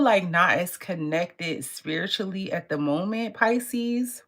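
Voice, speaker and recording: Low, gravelly-voiced woman tarot reader. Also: takes it slowly. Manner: blunt, profane, laughs often. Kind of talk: casual live tarot reading.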